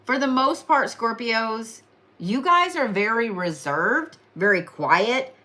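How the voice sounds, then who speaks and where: A woman's voice: a little high, expressive, slow pace, bright, forceful tone. Tired young woman w oklahoma accent reading horoscopes, chatty, teasing, says stuff twice. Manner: chatty and teasing, repeats phrases for emphasis. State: tired, yawning. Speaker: astrology and reiki livestream host.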